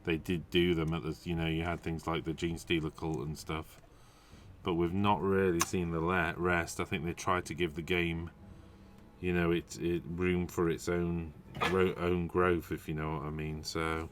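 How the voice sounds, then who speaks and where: Deep-voiced man hosting casually. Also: little pitch movement, moderate pace, noisy background. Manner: rambling, with many restarts and asides. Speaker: host. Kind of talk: casual hobby livestream chat.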